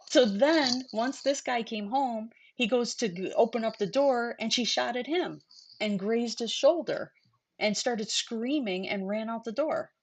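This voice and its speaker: A woman's voice: fairly high pitch, a little slow, husky. A woman hosting a casual true-crime livestream, chatty and digressive, talking straight to her viewers. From New York. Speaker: livestream host.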